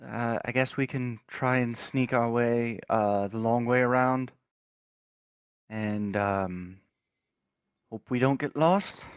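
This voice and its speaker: A man's voice: mid-range voice, takes it slowly, pauses often, clear, resonant tone, no echo, highs cut off. A man playing a tabletop game, talking in a hesitant way with many fillers and restarts. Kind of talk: casual game chat.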